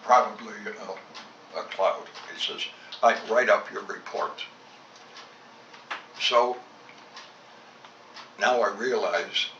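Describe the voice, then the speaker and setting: Sharp-toned and on the low side, an older ex-fighter pilot gives a salty, blunt war reminiscence, acting out both halves of old talks. It's a roomy, dull home tape recorded from afar, with slight background noise.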